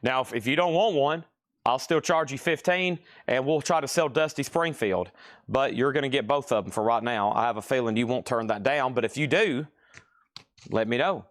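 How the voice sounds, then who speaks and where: Man, live-auction host, rapid sales patter, close mic, audible breathing, dry sound. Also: mid-range voice, no room sound. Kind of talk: fast live-sale patter reading bids and comments. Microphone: mic right next to his mouth.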